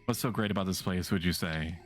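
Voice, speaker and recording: Male streamer doing a mournful villager from a horror game, low and somber, with faint music behind. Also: a little fast, lightly acted. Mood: despairing.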